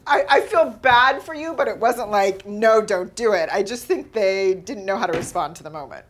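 Reserved woman with a lively pitch. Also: slight background noise. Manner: reserved, measured, laughs easily. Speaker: co-host, wife. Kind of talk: casual chat.

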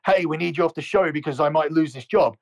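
Fast-talking and creaky, with a pitch on the high side, a man co-hosts a podcast. His rant is hot-tempered and full of swearing, and he keeps circling back to the same words.

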